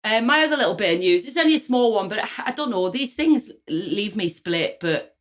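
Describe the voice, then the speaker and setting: A woman's voice: medium pitch, a little fast. Chatty Geordie woman podcast host. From North East England. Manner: lively, swears freely, laughs often. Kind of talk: casual chat.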